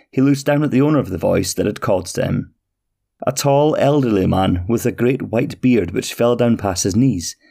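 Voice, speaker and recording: A man narrates a fairy tale at a slow, measured pace, like a podcast host settling in for story time. His voice sits at a middle pitch with a gravelly edge. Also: mellow.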